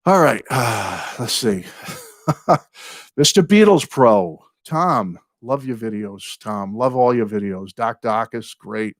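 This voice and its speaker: An older man hosting his own live chat, greeting viewers and rambling excitedly through fan stories and thank-yous. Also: fairly low pitch, takes it slowly, no echo, studio quality. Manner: rambling, excitable, apologizes for going off on tangents. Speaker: host of a music fan channel.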